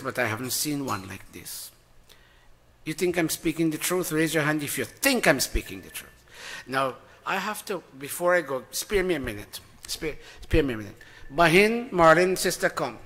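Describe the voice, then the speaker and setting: A man leading an informal temple gathering, playful and animated, calling people forward by name. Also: fairly high pitch. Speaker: temple spiritual leader. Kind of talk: informal sermon to congregation. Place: temple hall before congregation.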